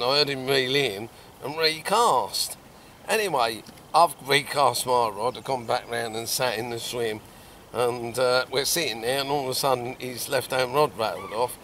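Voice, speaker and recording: Lively angler spinning a yarn. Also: male voice, mid-range voice, a little hiss or hum. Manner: lively storyteller, bursts into loud chants. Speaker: carp angler guest. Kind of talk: animated anecdote telling. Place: outdoors at a lakeside swim.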